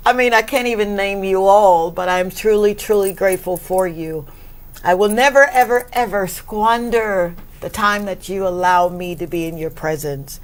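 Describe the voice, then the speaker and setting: A woman hosting a talk show, effusive and grateful, laughing often and breaking into high exclamations. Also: moderate pace. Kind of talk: warm talk show interview.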